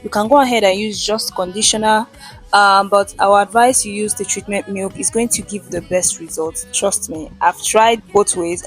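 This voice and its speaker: A woman giving a casual step-by-step hair tutorial as a voice-over, chatty and direct. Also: medium pitch. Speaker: vlogger.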